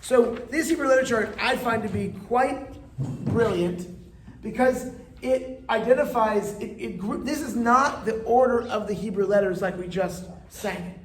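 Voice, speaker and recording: A man's voice: sits high, unhurried. A man, a rabbi, teaching a live classroom lesson in a chatty, playful way and coaxing his students to answer. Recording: echoey room with faint ambient noise.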